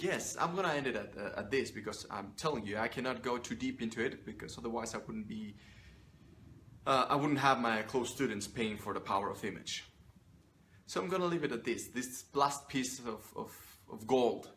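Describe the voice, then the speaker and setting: A man's voice: mid-range voice, animated, normal speed, fairly bright tone. A young man coaching on personal image in a blunt, profane, emphatic monologue to camera.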